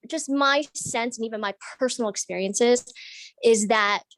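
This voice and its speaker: At a normal speed, a woman with a fairly bright, higher-leaning voice earnestly asks a long question as an audience member in an online group discussion. She thinks aloud with restarts, searching for words, and the recording is rough.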